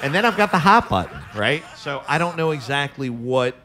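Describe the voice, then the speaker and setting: A man's voice: a little high, big pitch swings, brisk, very noisy. A man co-hosting a casual podcast who runs the sound clips, rambling and easygoing as he explains things. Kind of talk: casual chat.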